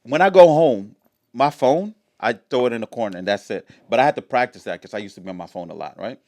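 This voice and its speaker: A man on a casual podcast, telling lively stories and acting out both sides of phone calls. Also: medium pitch, quick pace, no room sound. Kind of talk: casual chat.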